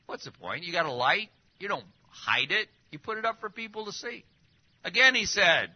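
A man preaching a sermon, full of rhetorical questions and swinging between loud and hushed. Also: high voice, moderate pace. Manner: lively, rhetorical questions, drops to near-whispers. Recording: dull lo-fi recording.

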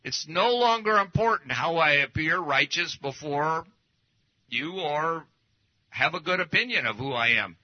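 A man's voice: fairly high pitch, expressive, measured pace. A man preaching a casual teaching sermon, folksy and anecdotal, talking through slides as he goes. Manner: folksy, anecdotal, speaks while showing slides. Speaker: pastor. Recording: dull lo-fi recording.

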